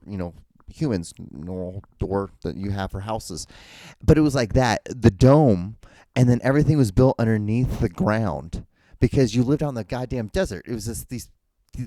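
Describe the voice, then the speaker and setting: A man's voice: on the low side, dark tone, dry recording. Profane rambling man, dry close sound. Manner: profane, rambling, frequent restarts and fillers. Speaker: podcast host. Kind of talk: rambling solo storytelling.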